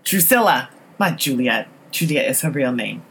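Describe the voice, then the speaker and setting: A woman's voice: very deep voice, expressive, normal speed, fairly bright tone, slight background noise. A woman giving chatty, giggly commentary on a TV episode as she watches it, recorded on a built-in computer microphone in an echoey room at home. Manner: chatty, giggly, reacting aloud while watching. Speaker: podcast commentator. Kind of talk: casual live TV commentary.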